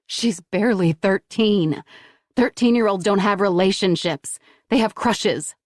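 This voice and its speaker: A woman's voice: fairly low pitch, moderate pace, gravelly, breathy edge, dry recording, studio quality. A woman reader voicing a distraught middle-aged mother who speaks sharply and indignantly. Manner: sharp, indignant, rising to cries.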